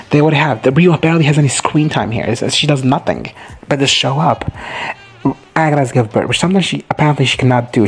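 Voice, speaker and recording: A man casually recapping a TV episode, rambling, swearing and excitable. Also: medium pitch, slightly rough. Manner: rambling, profane and excitable, often laughing. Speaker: video host reacting to a TV show.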